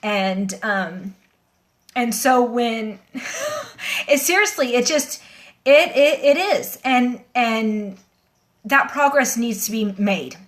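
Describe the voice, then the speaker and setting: A woman's voice: on the high side, slow. A woman hosting a casual phone livestream, talking earnestly and rambling with many fillers, shaken and emotional. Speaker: livestream host. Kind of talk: casual livestream talk to viewers.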